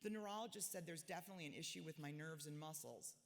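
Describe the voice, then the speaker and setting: A woman's voice: deep voice, quick pace. Wry woman speaking in an echoing ballroom. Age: 40s. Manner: wry, blunt, self-mocking. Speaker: gala host giving a speech. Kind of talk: reading a personal diary-style speech. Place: large hotel ballroom. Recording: reverberant ballroom, long echo.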